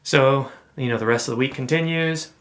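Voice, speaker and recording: A man co-hosting a podcast, telling a personal story in a relaxed, rambling way with many fillers and restarts. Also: medium pitch, fairly quick. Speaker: podcast co-host. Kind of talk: casual storytelling chat.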